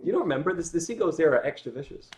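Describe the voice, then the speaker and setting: A man's voice: a little high, expressive, racing, darkish tone. A Scottish man chatting casually as a guest on a livestream, rambling with lots of filler words and jokey asides. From Scotland. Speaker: guest musician.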